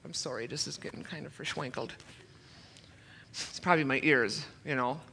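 A woman in her fifties shares her testimony at a church service, her voice bright and forceful. She speaks earnestly and emotionally, a touch nervous, and slips in self-deprecating humor. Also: very deep voice, normal speed, gravelly, slight background noise. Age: 50s. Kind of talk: personal testimony.

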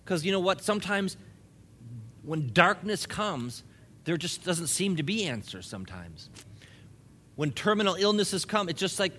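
A man's voice: high-pitched, sing-song, measured pace, long pauses, pushed and bright, a little hiss or hum. A man preaching a sermon, emphatic and repetitive, stressing points by piling up phrases. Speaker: pastor.

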